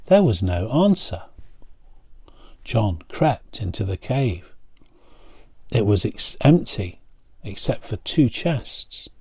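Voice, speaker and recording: A pastor reads a picture book aloud at a slow, gentle pace, stopping to point out the pictures. His voice is mellow and warm, and the sound is dry and close. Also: lowish voice, big pitch swings, vocal fry, slightly rough, dry recording.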